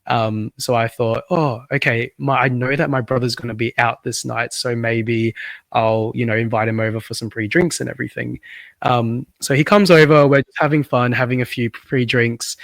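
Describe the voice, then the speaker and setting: Relaxed Australian man telling a story. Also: mid-range voice, dry recording. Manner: relaxed, laughs often, conversational storyteller. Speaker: podcast co-host. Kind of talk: casual chat.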